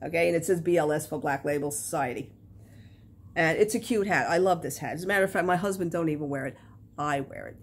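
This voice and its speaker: This crafting vlogger, a middle-aged woman with a fairly low-pitched voice, talks casually to the camera and wanders through lively, filler-heavy stories. A little hiss or hum can be heard.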